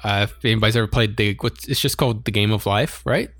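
A man's voice: on the low side, fast talker, a bit bright, no echo, studio quality. A man co-hosting a casual chat, animatedly recapping an anime episode and laughing often as he reads out scenes. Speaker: podcast co-host.

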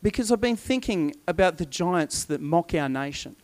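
A man preaches in an animated, storytelling way and slips into voices for the people in his tale. His voice sits a little high for a man. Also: moderate pace. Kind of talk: sermon.

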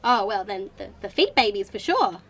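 A woman's voice: medium pitch, sing-song, moderate pace. A woman playing Wendy, a bubbly, ditzy young woman who gushes and chatters in a comedy audio drama. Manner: giggly, chatty, valley-girl gushing.

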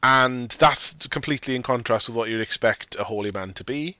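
A man's voice: mid-range voice, a little fast, sharp tone, no echo. A man hosting a casual film discussion, rambling and often correcting himself as he argues his opinions. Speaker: podcast host.

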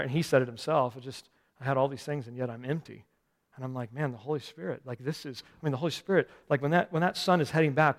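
Impassioned pastor preaching in a reverberant hall. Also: male voice, a little high. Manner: impassioned preaching with wide swings from loud to soft. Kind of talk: sermon. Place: church sanctuary. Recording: long reverb of a large hall.

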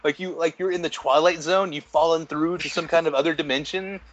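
A man's voice: fairly high pitch, fairly even intonation, fairly quick, a bit bright, dull audio. Man with a slightly raised voice, teasing co-host full of disbelief. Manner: incredulous, teasing reactions. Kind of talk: casual chat.

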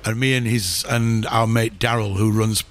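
A man's voice: fairly low pitch, level tone, normal speed. A man as a podcast guest, telling rambling pub anecdotes in casual chat, full of restarts and fillers.

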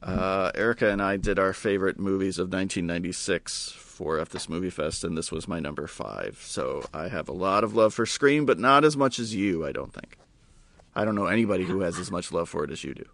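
A man co-hosting a casual podcast, upbeat and quick to laugh. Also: low voice, lively intonation, vocal fry, fairly bright tone, no room sound. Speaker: podcast co-host.

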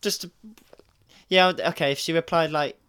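A man's voice: a little high, fairly even intonation, moderate pace, a bit bright, clean tone. A man in a casual chat who talks in a playful, giggly way.

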